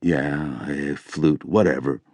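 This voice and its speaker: A man voicing a menacing male stalker, hushed and low, audiobook thriller, dry close sound. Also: steady tone, slow pace, dry recording, full character voice. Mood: curt. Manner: quiet, hushed menace; yells when ignored.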